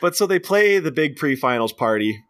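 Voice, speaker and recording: A man co-hosting a casual movie review podcast, retelling scenes with quick put-on voices and frequent laughter. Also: fairly high pitch, big pitch swings, fairly bright tone. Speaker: podcast co-host.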